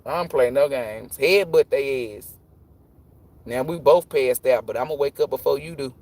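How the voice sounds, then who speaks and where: A man's voice: medium pitch, moderate pace, darkish tone. A man hosting a tarot livestream, chatting casually and telling profane stories. He laughs often and acts out the voices of the people he quotes.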